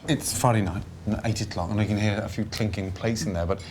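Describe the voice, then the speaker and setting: A man hosting as a chef, blunt and animated, swearing freely as he inspects a restaurant. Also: fairly low pitch, fast talker, a little hiss or hum. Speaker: chef host visiting a failing restaurant. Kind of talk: reality TV walkthrough and commentary. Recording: background music under speech.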